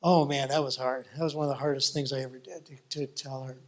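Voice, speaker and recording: A male pastor telling a story in a sermon, animated and folksy. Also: medium pitch, quick pace.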